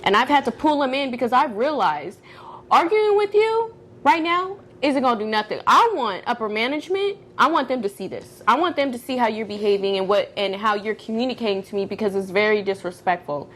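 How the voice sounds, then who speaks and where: A woman in her thirties co-hosting a casual podcast, talking in an animated way and acting out the voices of people she quotes. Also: on the high side, fast talker, hardly any pauses. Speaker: podcast co-host. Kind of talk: casual chat.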